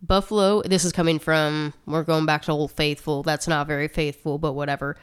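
A podcast co-host chats casually and reads out statistics with asides, sounding a little short of breath. Her low-sitting voice is flat and fairly quick, with a clear, resonant tone.

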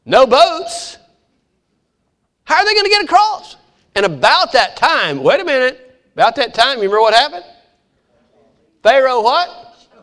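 A man preaching with a high, sing-song voice. He retells the story with animated, acted-out voices for each character. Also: unhurried, pauses often. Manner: animated storytelling, acting out voices of biblical figures. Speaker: pastor. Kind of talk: sermon.

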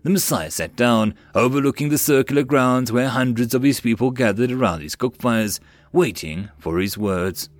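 A man narrating a web novel audiobook in a measured storytelling manner. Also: medium pitch, no room sound.

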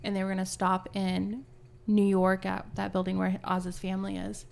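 A woman's voice: mid-range voice, completely flat delivery, moderate pace, vocal fry, darkish tone, a little hiss or hum. A woman co-hosting a podcast, animatedly retelling a book chapter in casual chat, swearing freely. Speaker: podcast co-host.

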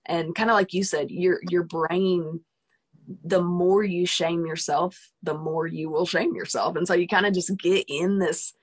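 A woman's voice: fairly low pitch, steady tone, measured pace, breathy edge. A woman hosting a podcast, chatting enthusiastically and reading out listener questions. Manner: enthusiastic, playful, affirming. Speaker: podcast host. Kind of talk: casual podcast conversation.

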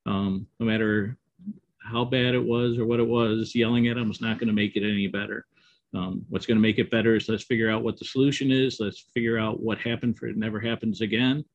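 A middle-aged man who co-owns an auto repair shop answers interview questions in a relaxed, rambling way, full of ums and you-knows. His voice is fairly low and a little fast, and the dry audio, with no room sound, is dull and slightly muffled.

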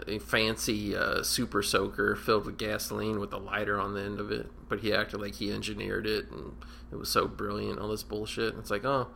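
A man's voice: on the low side, monotone, fairly quick, gravelly, few pauses, bright, forceful tone, slight background noise. A man co-hosting a casual podcast, rambling and sarcastic, with lots of swearing. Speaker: podcast co-host.

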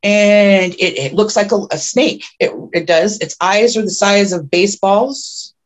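This podcast guest describes herself as an oracle and tells her story in a meandering, somewhat slow way, often restarting and filling gaps with filler words. The storytelling stays vivid, and during the tense moments her voice rises high with excitement.

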